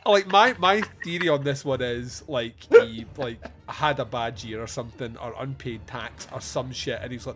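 A man hosting a casual film review podcast, animated and quick to laugh, acting out lines from the movie. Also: mid-range voice, over music. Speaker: podcast host.

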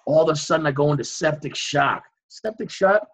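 A man, a guest on an interview show, recounting a dramatic personal story with vivid, animated reenactments. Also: fairly high pitch, brisk, slightly rough, poor audio.

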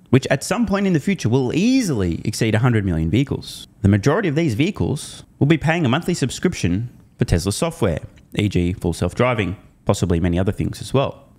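A man's voice: medium pitch, a little mellow. A man hosting an investing commentary video, sarcastic and emphatic, swearing at forecasters as he reads through a report. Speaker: host.

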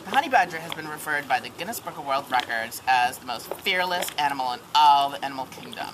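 A man's voice: fairly high pitch, animated, fast talker. A man narrating a mock nature documentary in a crude, exaggerated, giggly way at a lakeside. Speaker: skit narrator. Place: lakeside outdoors. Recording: noisy outdoor camera audio.

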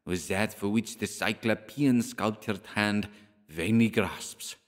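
A man's voice: fairly low pitch, slow pace. A man voicing a scholarly dreamer who speaks in a grand, poetic way. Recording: long hall reverb.

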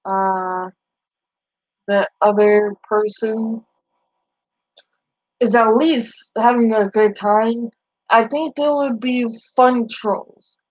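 A woman's voice: a little high, dull audio. A woman streamer in casual live-stream chat, profane and teasing, laughing often as she talks back to viewers.

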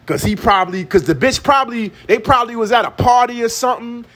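A man's voice: extremely high pitch, quick pace, a bit bright. A young man, ranting profanely into his phone in a rambling, repetitive vlog. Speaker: vlogger. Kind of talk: casual ranting monologue.

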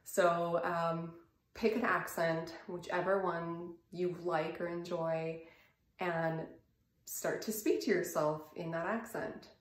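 A woman's voice: fairly low pitch, little pitch movement, slow, roomy sound. A woman vlogger giving wellness tips in a chatty, self-deprecating way. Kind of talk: casual vlog.

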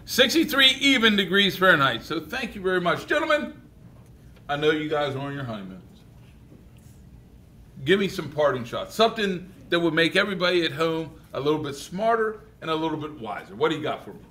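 A man teacher running a classroom wrap-up, joking with students and loudly repeating their answers. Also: a little high, sing-song, fairly quick.

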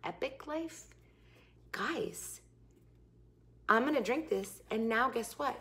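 A middle-aged woman hosting a casual food review vlog, chatty and jokey, with quick asides that sometimes drop to a whisper. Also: fairly high pitch, very noisy. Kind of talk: casual chat to camera.

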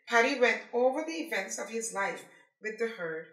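A woman reading a children's picture book aloud as a library storyteller, in an expressive, animated way. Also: a little high, normal speed, echoey room, rough recording.

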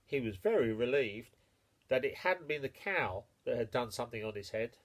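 A man reading a children's picture book aloud, expressive and playful with the sound words. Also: medium pitch, normal speed. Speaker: storyteller.

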